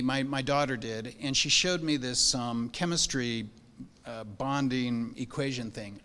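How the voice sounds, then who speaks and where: A man's voice: medium pitch, bright, forceful tone. An older man speaks as a pastor welcoming new school parents, rambling and heartfelt, stopping often to restart his sentences. His voice carries a long hall reverb.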